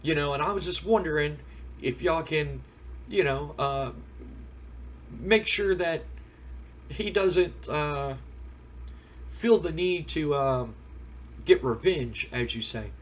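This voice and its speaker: A man's voice: fairly high pitch, slow, long pauses. A man voicing a pushy, scheming male wrestler who haggles and pleads with hired muscle for a discount. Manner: wheedling, pleading.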